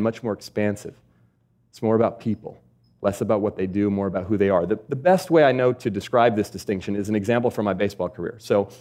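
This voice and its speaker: A man giving a motivational talk, telling stories and asking the audience questions. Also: on the low side. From United States. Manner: lively storytelling with rhetorical questions. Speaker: motivational speaker. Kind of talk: keynote talk.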